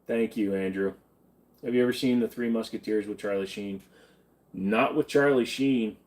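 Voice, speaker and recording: Tired and in pain, this streamer reads questions from chat and gives blunt answers in a casual, drawling Q&A. He speaks at a moderate pace in a fairly low, somewhat mellow voice, sitting back farther than usual from his desk microphone.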